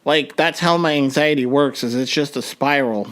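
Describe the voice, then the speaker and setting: A young man hosts his podcast, recounting a personal story in a rambling, halting way. He restarts often and leans on fillers. His voice sits a little on the higher side. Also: a bit bright. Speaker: podcast host.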